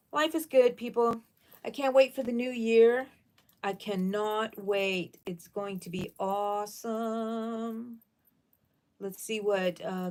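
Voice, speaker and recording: A woman's voice: medium pitch, a little mellow. A middle-aged woman hosting a casual crochet livestream, chatting with viewers, answering their comments and often calling them "people". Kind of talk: casual live chat with viewers.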